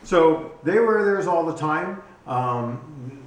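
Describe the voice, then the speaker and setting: A man who trains hunting dogs explains his gear in a casual instructional video, talking haltingly with frequent ums and restarts. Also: fairly high pitch, animated. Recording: echoey room, distant mic, faint noise.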